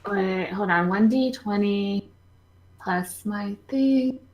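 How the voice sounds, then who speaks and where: A woman's voice: medium pitch, takes it slowly. Inquisitive woman playing a tabletop game. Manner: inquisitive, presses with questions. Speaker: player.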